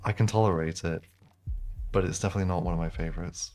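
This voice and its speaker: A man's voice: deep voice, fairly even intonation, quick pace, a little mellow. A man chatting casually as he streams a game, rambling with lots of ums and likes. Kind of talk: casual gameplay commentary.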